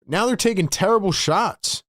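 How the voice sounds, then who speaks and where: A man hosting a fan livestream, giving excitable play-by-play and talking to his chat, with sudden loud bursts of hype. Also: high-pitched, normal speed, no echo, clean studio sound.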